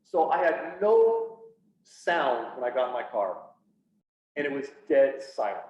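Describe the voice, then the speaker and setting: A police officer telling a personal story to an audience, candid and blunt, acting out what people said. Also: male voice, medium pitch, big pitch swings, unhurried, darkish tone. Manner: candid, blunt, acts out quoted dialogue. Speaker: public speaker, police officer. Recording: echoey, distant, slightly dull, faint hiss.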